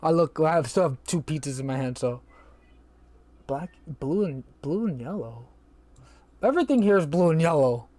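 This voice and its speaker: A male player describes what his character does at a tabletop game, loosely and with frequent laughter. His voice sits fairly high and moves with lively swings. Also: moderate pace, pauses often. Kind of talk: casual tabletop role-play.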